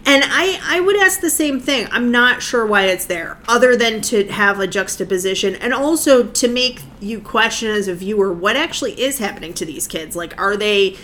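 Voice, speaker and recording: A woman's voice: medium pitch, lively intonation, moderate pace, few pauses, fairly bright tone. A woman co-hosting a podcast, chatting casually and enthusiastically about a film, laughing often and restarting her sentences. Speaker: podcast co-host. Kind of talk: casual film discussion chat.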